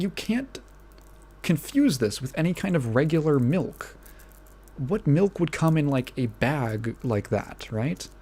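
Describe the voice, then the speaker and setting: A podcast host delivers an unhurried, casual rant. The voice sits at a middle pitch and keeps circling back to the same phrases, incredulous and swearing freely. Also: darkish tone, slightly rough. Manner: outraged, incredulous and profane, repeating phrases, with bursts of laughter.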